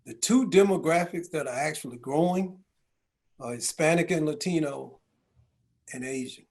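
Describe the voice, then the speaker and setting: A county chief executive from Georgia, middle-aged, spins stories for a business round table, tossing in folksy asides and rhetorical questions. His voice leans high with a darkish tone, at a moderate pace.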